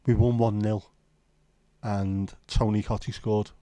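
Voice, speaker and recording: A man's voice: on the low side, flat delivery, takes it slowly, mellow, dry recording. A man in his fifties hosting a livestream, chatting in laid-back banter with dry jokes and the odd swear. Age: 50s. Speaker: livestream host. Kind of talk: casual chat.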